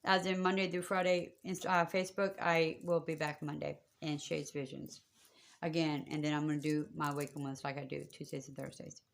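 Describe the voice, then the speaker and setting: A woman's voice: deep voice, flat delivery, a little fast, vocal fry. A woman doing spiritual readings on a live stream, rambling and affectionate, with many fillers. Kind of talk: casual live-stream talk to viewers.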